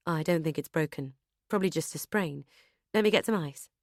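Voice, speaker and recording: A woman's voice: low voice, brisk, dry recording. Woman playing a husband, impatient then tender, light audiobook character voice, dry studio sound. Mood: caring. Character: impatient, fussing husband, grown man.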